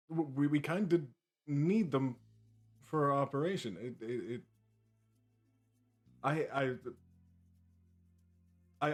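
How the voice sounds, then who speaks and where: Stammering man playing a tabletop game. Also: medium pitch. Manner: halting, stammering. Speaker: guest player.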